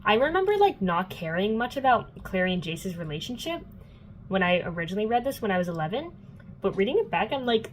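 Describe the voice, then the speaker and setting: A young woman recapping a novel for her viewers in a loose, chatty flow, dropping "like" into nearly every phrase and swearing freely. Her pitch sits at an ordinary middle height, with a faint hum of noise behind her. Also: very animated, brisk, poor audio. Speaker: book vlogger. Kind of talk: casual book recap.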